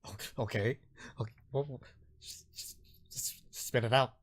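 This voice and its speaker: A man's voice: mid-range voice, fairly even intonation, measured pace, lightly acted. A man voicing a frightened adult man who stammers and begs. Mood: panicky. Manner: stammering, panicky, begging.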